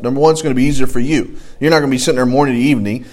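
A man's voice: medium pitch, fairly even intonation, very fast, hardly any pauses, a little mellow. A middle-aged man teaching an adult church Bible class, telling stories in a loose, conversational way with emphatic stretches. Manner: conversational, anecdotal, sidetracked storytelling with rising emphasis.

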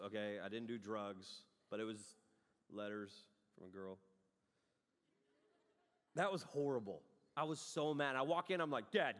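A man, preaching a sermon in an animated storytelling way, swinging between loud outbursts and quiet asides. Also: medium pitch. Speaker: pastor. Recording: long hall reverb.

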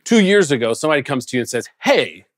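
Racing along in a medium-pitched voice, a male pastor gives a conversational sermon full of animated stories and acted-out quotes. This casual sermon was recorded apart from his congregation during lockdown, with studio-quality sound and no room sound.

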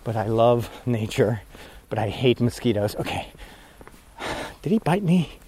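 A priest podcaster recording a casual vlog outdoors while walking, a bit out of breath, talking in a rambling, easily distracted way. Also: male voice, medium pitch, animated, measured pace, darkish tone, breathy edge. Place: outdoors on a walk at sunset.

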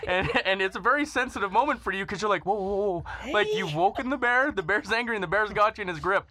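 A man spins a rowdy, profane podcast story, laughing as he goes. His voice sits high and bright, with a sharp edge to it. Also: lively intonation, fast talker. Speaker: podcast co-host telling a story. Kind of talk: crude casual storytelling.

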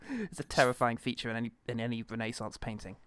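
A man's voice: mid-range voice, animated, brisk, a bit bright, clean tone, dry recording. A man co-hosting a comedy podcast, riffing in casual chat with mock indignation. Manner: joking, mock-indignant riffs. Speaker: podcast co-host.

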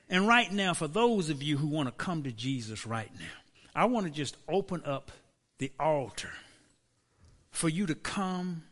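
A man preaching from the pulpit with a high, lively voice that climbs and falls across a wide range. His delivery swings between hushed near-whispers and ringing shouts. The sound carries a long echo from a big hall, with soft music playing behind him. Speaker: pastor. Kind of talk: sermon. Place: church.

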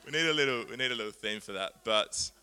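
Bright, clear-voiced male preacher. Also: mid-range voice, fast talker. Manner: earnest, animated, laughs at himself. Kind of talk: sermon.

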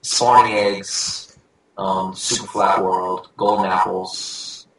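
Deep-voiced young man in an echoey room. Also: fairly even intonation, takes it slowly, a bit bright. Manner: rambling, many ums and restarts. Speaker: podcast co-host. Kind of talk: casual gaming chat. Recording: very echoey room, faint hiss.

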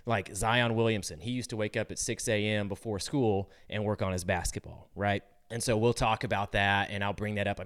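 Guy coach chatting to parents, low voice, smooth and clear, laid back, lots of "you know, right?". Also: fairly quick, few pauses. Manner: relaxed and conversational, full of "you know" and "right?". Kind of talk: casual advice talk.

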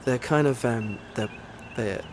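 A man's voice: medium pitch, measured pace, darkish tone, a little hiss or hum. A man hosting a casual movie chat, enthusiastic and rambling with lots of fillers.

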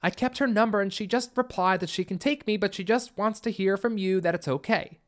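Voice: mid-range voice, brisk, pitched above the performer's own voice, lightly acted. A narrator voicing an eager, determined teenage girl who explains things earnestly.

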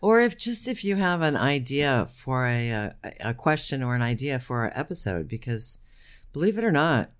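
A man co-hosting a podcast in casual chat, teasing and jumping up in pitch when he jokes. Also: sing-song, normal speed, clear, resonant tone. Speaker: podcast co-host.

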